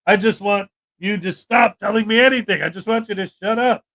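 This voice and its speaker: Young guy chatting on his stream, high voice, bright and sharp, acts out the quotes as he talks. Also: fairly quick. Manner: animated storytelling, acts out quotes. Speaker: livestream host. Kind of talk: casual chat.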